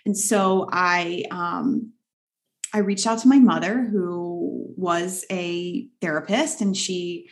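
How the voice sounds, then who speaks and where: A woman guest in a conversational interview, telling her story in an earnest, animated way. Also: lowish voice, slow pace. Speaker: guest, leadership author.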